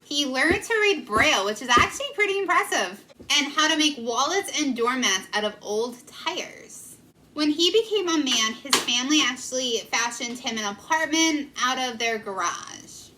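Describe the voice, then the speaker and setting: Young woman, vlogger, bright high voice, earnest, casual storytelling, faint background hiss. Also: expressive, moderate pace, poor audio. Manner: earnest, emotional, filler-heavy.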